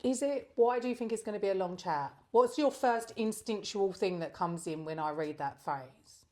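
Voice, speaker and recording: A woman's voice: mid-range voice, normal speed, a little mellow. A middle-aged woman co-hosting a casual podcast chat, chatty and asking probing questions. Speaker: podcast co-host.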